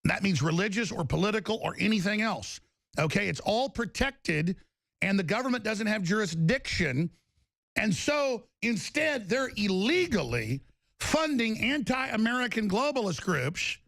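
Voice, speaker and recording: A man's voice: high voice, very animated, measured pace, gravelly, fairly bright tone, no room sound. A man hosting a talk radio show, delivering heated and emphatic commentary full of repetition. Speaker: radio host.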